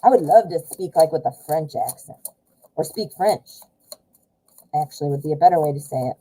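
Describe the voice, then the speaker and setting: A woman's voice: low voice, expressive, brisk, warm tone, a little hiss or hum, rough recording. An American woman hosting a casual live tarot stream, chatty with lots of fillers and self-corrections.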